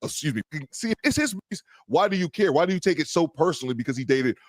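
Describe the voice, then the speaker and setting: A man hosting a live stream, reading viewer comments and giving blunt shout-outs in casual chat. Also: a little high, sing-song, fast talker, dry recording. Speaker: livestream host.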